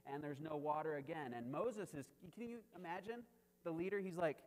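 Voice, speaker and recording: A man's voice: a little high, normal speed, long reverb tail. A man preaching a sermon in a conversational way, often tossing in "right?" asides and light chuckles. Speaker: pastor.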